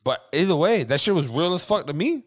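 Animated man telling a story, dry sound. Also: on the high side, a little fast, no room sound. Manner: animated, swearing, shouts when acting out scenes. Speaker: podcast co-host. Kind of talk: casual storytelling.

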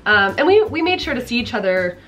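A woman's voice: on the high side, big pitch swings, a little fast, fairly bright tone, faint music behind. Young woman reading questions, joking around. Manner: reads questions aloud, jokey and teasing. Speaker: YouTuber answering viewer questions. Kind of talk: casual couple Q&A chat.

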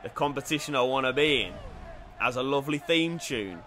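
A young man commentating his own football video game, muttering play-by-play then bursting into loud shouts and cheeky banter. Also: mid-range voice, animated, a little fast. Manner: swings from quiet mutters to shouting, swears, banters. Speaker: gaming YouTuber.

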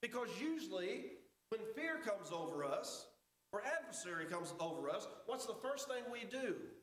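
A man preaching a sermon as pastor, emphatic, with rises and drops to a hush. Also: high voice, big pitch swings, normal speed. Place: church sanctuary. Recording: echoey church sanctuary.

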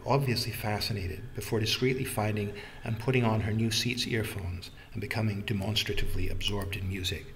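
A man with a fairly low voice narrates a novel in an even, literary reading. There is a faint hiss in the background of the recording. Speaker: audiobook narrator. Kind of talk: scripted narration.

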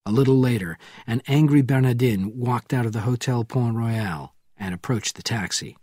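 A man narrating a thriller audiobook in a measured, steady reading. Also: mid-range voice, breathy edge, no echo, clean studio sound.

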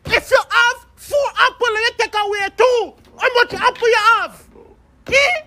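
A man's voice: extremely high pitch, measured pace, pushed and bright, slight background noise, voice pushed up, full character voice. A man voicing a strict, hot-tempered Jamaican uncle in a comedy skit, scolding and exclaiming in outrage. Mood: outraged.

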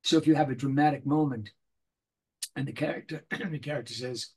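Husky older man telling showbiz stories. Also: mid-range voice, a little fast. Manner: animated storyteller, acts out little voices in anecdotes. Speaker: voice actor guest. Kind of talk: casual interview.

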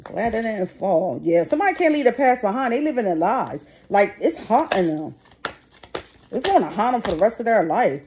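A woman's voice: mid-range voice, sing-song, moderate pace, a little mellow. Blunt, profane woman reading tarot. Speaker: tarot reader. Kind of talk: casual tarot reading to viewers. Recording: noisy background.

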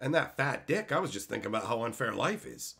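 A man in his thirties from Canada, ranting crudely on a live stream, swearing freely and bragging, swinging from loud outbursts to mumbles. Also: medium pitch, very animated, quick pace, vocal fry.

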